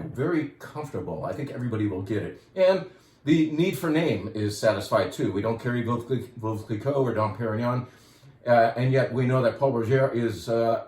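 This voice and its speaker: Chatty middle-aged man in an echoey room. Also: mid-range voice. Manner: relaxed, chatty, enthusiastic with wry asides. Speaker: wine shop owner. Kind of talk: casual product talk to customers. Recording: roomy echo.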